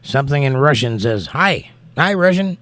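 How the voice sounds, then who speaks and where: A man's voice: medium pitch, expressive, normal speed, fairly bright tone, dry recording. A man hosting a livestream, reading viewer comments aloud and answering them in casual chat.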